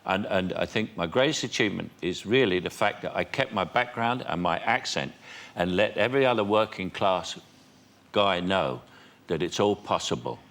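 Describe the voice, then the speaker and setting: Older man, London working-class accent, lowish voice, bright tone, self-mocking storyteller. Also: animated, moderate pace. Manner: anecdotal, self-mocking, with laughing asides. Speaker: guest actor. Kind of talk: casual chat. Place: TV studio with audience.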